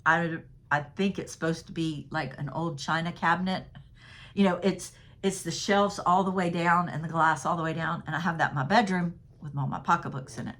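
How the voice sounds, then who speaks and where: A woman's voice: on the low side, fairly even intonation, moderate pace, a bit bright. A woman, chatting and laughing to her viewers as she shows and prices purses she resells. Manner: chatty, laughs often, talks straight to viewers. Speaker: resale seller. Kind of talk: casual sales haul vlog.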